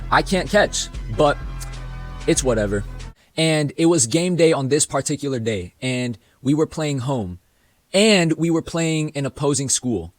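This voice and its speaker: A young man narrating a casual, self-mocking storytime with plenty of swearing. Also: fairly high pitch. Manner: laid-back, self-mocking, profane.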